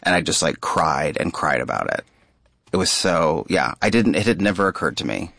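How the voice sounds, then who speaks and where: A man with a very low, deep speaking voice tells stage anecdotes as an interview guest. He talks in an animated, chatty way, breaking off and restarting his sentences. The sound is close and dry with no room around it. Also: normal speed, creaky, no echo. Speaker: Broadway actor, guest. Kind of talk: conversational interview storytelling.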